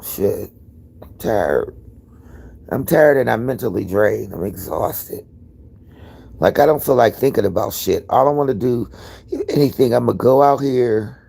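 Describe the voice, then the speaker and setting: Gravelly, husky man chatting candidly. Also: medium pitch, mellow. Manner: candid, profane, rambling storyteller. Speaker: live-stream host. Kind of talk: casual live-stream chat.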